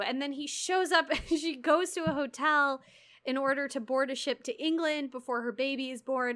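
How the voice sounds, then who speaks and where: Young adult woman, high pitched, animated and profane book-chat co-host. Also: normal speed. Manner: animated, profane, laughing recaps. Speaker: podcast co-host. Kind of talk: casual book discussion.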